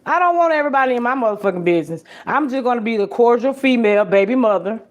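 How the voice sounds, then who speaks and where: Expressive and quick, this fairly high-pitched woman hosts a podcast livestream in a muffled recording. She keeps it casual, blunt and full of swearing, laughing often.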